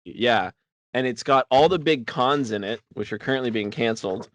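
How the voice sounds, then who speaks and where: Wry male podcast host, mid-pitched voice, dry sound. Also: normal speed, dry recording. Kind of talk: casual podcast chat.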